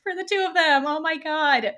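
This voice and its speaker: A woman co-hosts a podcast and recaps a TV episode in a loose, chatty way. Her voice sits a little high and sounds clear and bright. She tells the story with energy and slips into short impressions of the characters. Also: normal speed. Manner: animated retelling, slips into quoted voices. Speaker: podcast co-host.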